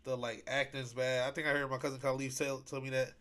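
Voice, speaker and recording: A man hosts a casual solo podcast, his medium-pitched voice fast, flat and a bit bright. He rambles and repeats himself, leaning on slang and filler words.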